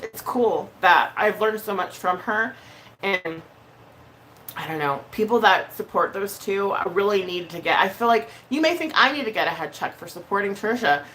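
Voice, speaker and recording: A woman vlogger chatting casually on a live stream, blunt and heated, swearing often and pausing on fillers. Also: mid-range voice, expressive, bright, forceful tone, a little hiss or hum. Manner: emotional, hesitant with many fillers.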